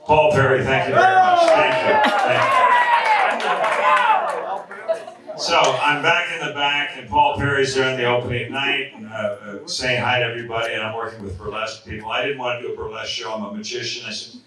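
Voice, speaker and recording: A man's voice: mid-range voice, big pitch swings, brisk, sharp tone. A man, a magician, telling a funny anecdote to an audience in a rambling, self-interrupting way. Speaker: magician telling a story at a memorial. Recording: echoey hall, far from mic, crowd.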